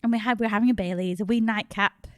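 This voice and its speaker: A woman's voice: mid-range voice, fairly even intonation, quick pace, dry recording. Casual British woman podcast co-host, chatty storyteller who laughs a lot, dry close sound. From Britain. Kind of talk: casual chat.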